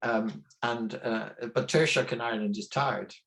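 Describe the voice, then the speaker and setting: A man speaking in a casual panel conversation, hesitant and self-deprecating with halting starts. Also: mid-range voice, steady tone, vocal fry, a bit bright.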